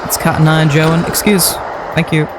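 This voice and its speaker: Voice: mid-range voice, level tone, normal speed, background noise. A gameplay commentator talking casually while playing, rambling and correcting themself with playful asides.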